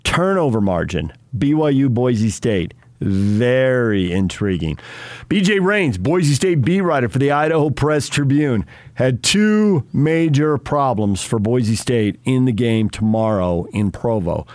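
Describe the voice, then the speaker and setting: A man hosting sports radio, thanking a guest, reading a sponsor line and teasing the next segment in brisk announcer style. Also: mid-range voice, animated, a little mellow, no echo. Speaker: radio host. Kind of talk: segment tease and sponsor read. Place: radio studio.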